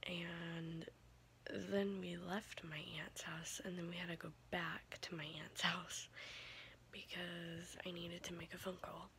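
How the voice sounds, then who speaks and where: A young woman whispers a late-night vlog, tired and unhurried, her words drawn out slowly. Her hushed voice turns gravelly and frayed at the edges. Steady background noise hisses under the recording. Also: lowish voice, rough recording. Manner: hushed, rambling, trailing off with soft laughs. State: sleepy. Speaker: vlogger.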